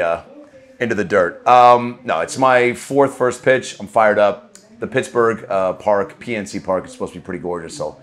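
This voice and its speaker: A man's voice: lowish voice, a bit bright. A male comedian hosting a podcast, riffing in a loose, profane, rambling monologue from a comedy club green room.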